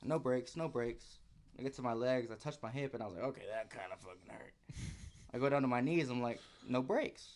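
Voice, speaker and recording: A man of average pitch recounts a dramatic fall in relaxed podcast chat. He slips into the voices of his own past self and drops low and quiet when the story gets tense. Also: a little fast. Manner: vivid, acts out his own quotes, drops to near whisper. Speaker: podcast guest. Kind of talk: casual storytelling.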